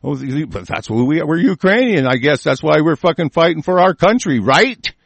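Gravelly high-voiced man ranting angrily. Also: expressive, normal speed, no room sound. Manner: furious, heavily profane ranting. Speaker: political commentator. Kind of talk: angry solo rant reacting to news.

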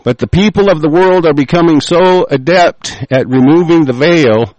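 A man hosting a show, reading aloud with halting fillers and breaking into profane, furious rants. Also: fairly high pitch, darkish tone, dry recording, muffled recording. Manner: hesitant, many fillers while reading.

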